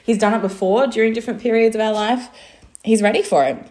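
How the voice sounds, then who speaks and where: A woman's voice: on the high side, steady tone, fast talker, darkish tone. Casual, swearing woman. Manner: chatty, swears freely, lots of "like" and laughs. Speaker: business coach and designer. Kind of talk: casual monologue to camera.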